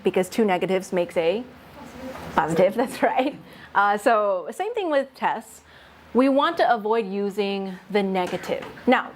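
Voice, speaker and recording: A woman presenting a faculty development workshop patiently explains how to write tests, using worked examples and light laughs. Her voice is medium-pitched, with slight background noise.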